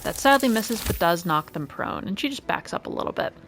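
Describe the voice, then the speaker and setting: A woman doing let's play commentary, calmly calling out each move and roll of a turn-based game. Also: mid-range voice, a little fast, gravelly. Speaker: gaming video creator. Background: faint game music.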